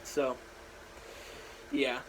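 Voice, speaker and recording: A man's voice: very slow, noisy background. A young man casually rambling through his own story idea in a slangy, filler-heavy monologue, recorded in a small room at home.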